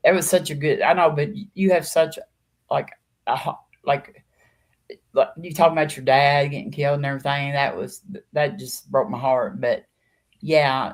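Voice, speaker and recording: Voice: mid-range voice, steady tone, normal speed. A host in casual conversation, reacting often and speaking supportively to the guest. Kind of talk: casual chat.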